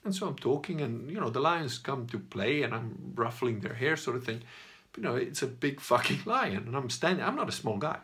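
A man's voice: medium pitch, lively intonation, brisk, fairly bright tone. Rambling, profane man telling a story. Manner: rambling, profane, laughs as he talks, acts out quotes. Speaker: channel host telling a personal story. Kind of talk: casual storytelling monologue.

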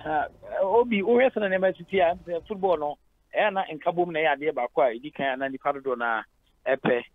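Fast-talking Ghanaian man on a phone line. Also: on the high side, no room sound. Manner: fluent, explanatory, mixes English into Twi. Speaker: head of sport, radio guest. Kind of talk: phone-in sports analysis.

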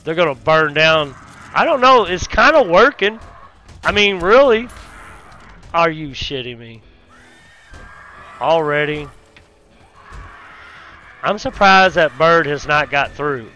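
A man giving casual let's play commentary while fighting a zombie horde, with loud cursing exclamations and folksy grammar. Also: a little high, animated, a little slow, long pauses, muffled recording. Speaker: gaming YouTuber.

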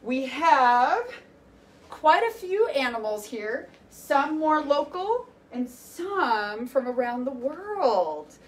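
High-voiced upbeat woman fitness instructor. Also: sing-song, slow pace. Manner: encouraging, chatty, breaks into animal noises. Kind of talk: leading a kids' animal workout. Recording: voice from a distance with faint music. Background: faint workout music.

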